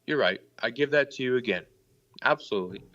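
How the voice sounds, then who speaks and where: A man's voice: medium pitch, animated, quick pace, a bit bright. A male caller on a live stream, defensive and rambling, swearing a lot in a heated argument. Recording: dull lo-fi call-in audio.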